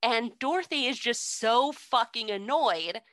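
A woman's voice: a little high, expressive, a little slow, fairly bright tone, no room sound. A young woman casually retelling a story with sarcasm, frequent swearing and laughter, as a podcast co-host.

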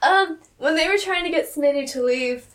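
A woman's voice: sits high, normal speed, a bit bright, a little hiss or hum. A woman co-hosting a podcast, chatting casually about a TV episode, giggling and offering her own theories. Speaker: podcast co-host. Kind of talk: casual chat recapping a TV episode.

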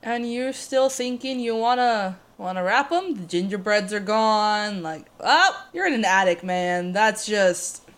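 A woman's voice: mid-range voice, expressive, measured pace, hardly any pauses. A woman watching a horror movie with a friend, making joking asides and giggling. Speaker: co-host reacting to a film. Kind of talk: casual movie-reaction chat.

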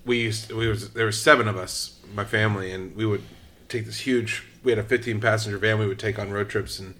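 A man's voice: lowish voice, fairly even intonation, a little fast, a bit bright. A man in his thirties co-hosting a podcast, rambling through stories with fillers and self-corrections. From Florida. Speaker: podcast co-host. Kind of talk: casual chat.

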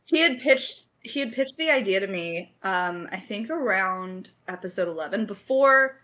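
A woman's voice: medium pitch, expressive, normal speed, bright, forceful tone. A woman co-creating a podcast, recounting how an idea came about in loose, chatty talk full of ums and likes. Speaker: podcast co-creator answering fan questions. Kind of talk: casual Q&A chat.

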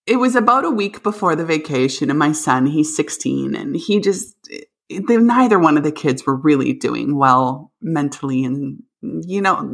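A woman's voice: deep voice, gravelly. A mother from Canada, around her forties, casually telling a family travel story to her viewers and laughing along the way. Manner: animated, laughs while telling. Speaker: vlogger.

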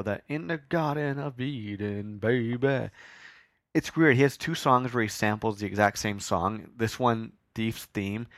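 Chatty low-voiced Canadian man. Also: fairly bright tone, no echo. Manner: chatty, rambling, self-mocking. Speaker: podcast host. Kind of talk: casual podcast talk about music.

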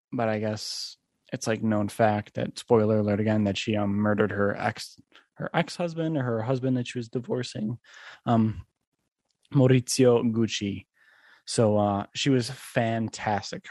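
A young man talks loosely into a close microphone for his solo podcast. He rambles, restarts, and drops in plenty of "like" and "um." The sound is dry, and his pitch sits in an ordinary middle range. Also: darkish tone, no echo. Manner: rambling, with lots of "like" and "um". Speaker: podcast host. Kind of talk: casual solo podcast chat.

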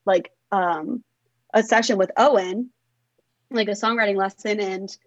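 Young adult woman, interview guest, chatty and meandering, mid pitch, dry muffled recording. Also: a little slow, dry recording. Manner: rambling, filler-heavy with frequent "like". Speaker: songwriter guest. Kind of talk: casual interview chat.

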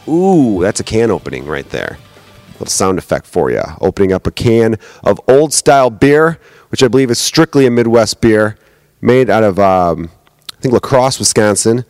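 A man's voice: fairly low pitch, lively intonation, moderate pace, darkish tone, no echo, soft background music. A man hosting his own podcast as a comedian. He talks in loose, joking, profane bar-talk banter, recorded on a podcast microphone at home. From United States. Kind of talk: casual solo podcast chat.

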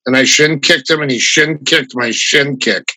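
A man guest on an interview, telling martial arts stories in a casual, animated way, pitching up when he quotes others. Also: moderate pace, no echo, low-quality recording. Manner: animated, raises his voice when quoting others. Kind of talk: casual anecdotal storytelling.

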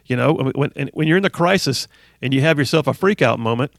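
A man's voice: medium pitch, lively intonation, fast talker, gravelly, dry recording. A male radio talk show host in a studio, delivering an emphatic monologue and repeating phrases for emphasis. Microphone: studio microphone.

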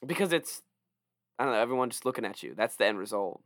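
A man's voice: medium pitch, fast. A young man co-hosting a podcast, chatting casually and acting out people's reactions. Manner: animated, acts out quoted reactions. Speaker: podcast co-host. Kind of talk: casual chat.

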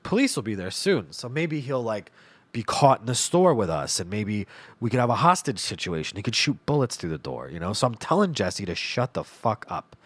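A man hosting a podcast, telling a comedic story in a profane, animated way and laughing along. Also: on the low side, moderate pace, slightly rough, no echo. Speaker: podcast host.

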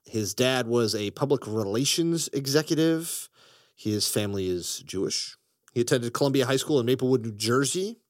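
A man hosting a comedy podcast, joking around and now and then slipping into a gruff put-on accent. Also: mid-range voice, animated, normal speed, no echo, clean studio sound. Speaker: podcast host. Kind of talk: comedic casual chat.

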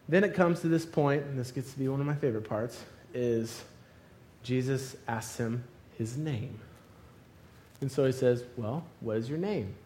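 Speaking in a slightly high voice, a preacher livens up his sermon by retelling a story humorously and putting on comic character voices.

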